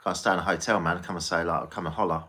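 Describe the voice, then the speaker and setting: A man's voice: sits low, steady tone, quick pace, pushed and bright. An English man chatting casually on a live stream as a tarot reader, rambling and swearing freely.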